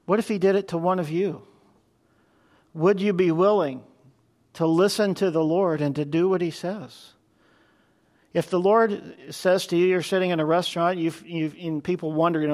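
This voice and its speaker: A man preaching a sermon in an easy, conversational way. His voice sits a little high, and he turns to his listeners with earnest questions. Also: normal speed, darkish tone. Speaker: pastor.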